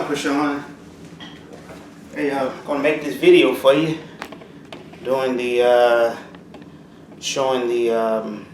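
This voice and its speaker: A man leads a casual alphabet lesson, pausing often with fillers. He sits well back from the mic, so his voice rings in a very roomy space with steady background noise. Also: mid-range voice. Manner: halting, many fillers, slow and clear letter drills. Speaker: Arabic teacher. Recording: roomy echo from far off, audible noise.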